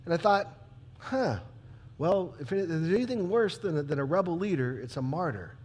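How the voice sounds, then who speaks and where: A man playing a troubled, proud Roman governor in a dramatic church monologue, emphatic and swinging between loud declarations and hushed asides. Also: fairly high pitch, animated, moderate pace, slightly rough, big-room sound. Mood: bewildered. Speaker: character monologue performer.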